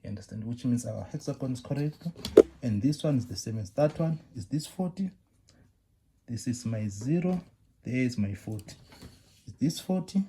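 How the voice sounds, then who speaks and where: A man's voice: mid-range voice, animated, a little fast, noisy background. A man with a South African accent teaching technical drawing step by step. He repeats phrases, keeps asking whether students understand, and scolds common mistakes. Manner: repeats phrases, asks "you understand?" often. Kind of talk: classroom demonstration lesson.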